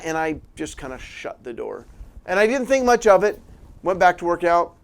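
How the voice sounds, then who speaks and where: High-voiced man telling a sermon story. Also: moderate pace, smooth. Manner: animated storyteller, laughs often, restarts phrases. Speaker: preacher.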